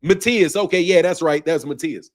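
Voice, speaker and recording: A man's voice: fairly high pitch, normal speed. A man hosting a boxing live stream, reading chat aloud in a rambling, profane way and laughing often. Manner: animated and rambling, laughs often, swears freely.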